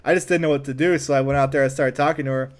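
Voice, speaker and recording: A man telling a comedic personal story, animated, acting out other people's lines in a raised voice. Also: medium pitch, very fast. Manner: animated, acts out quotes in a raised voice.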